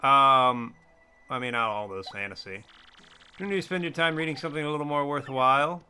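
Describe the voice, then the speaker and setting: A man plays a snobbish male novelist in a video game, voice pitched down. He speaks in a condescending tone with a tense, bright edge. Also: normal speed, soft background music. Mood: snooty.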